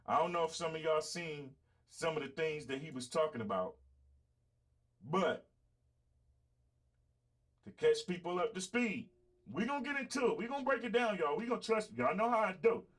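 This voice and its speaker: A man with a high voice rants in a fired-up, profane way on his livestream. He talks straight to his audience, swearing hard and fast. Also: expressive. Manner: heated, profane, talks to chat directly. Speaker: podcast host. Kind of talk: livestream commentary.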